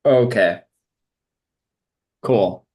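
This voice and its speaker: A man's voice: medium pitch, drawn-out words, darkish tone. A man playing a tabletop game, joking around and talking loosely. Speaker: player. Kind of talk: casual tabletop game chat.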